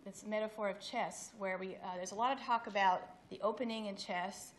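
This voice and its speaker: A woman's voice: mid-range voice, fairly even intonation, brisk. Woman giving an academic talk. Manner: explanatory, with restarts and slide references. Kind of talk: academic presentation. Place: event hall.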